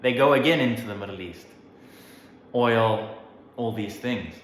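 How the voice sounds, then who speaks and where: A man's voice: lowish voice, unhurried. A man in his twenties giving a casual, rambling opinion monologue, full of fillers and swearing. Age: 20s. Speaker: vlogger. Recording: roomy with faint background hum.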